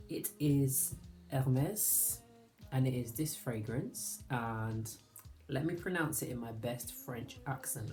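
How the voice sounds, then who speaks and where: A man hosting his own fragrance channel, chatting casually and nostalgically, with soft laughs. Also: medium pitch. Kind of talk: casual reminiscing vlog.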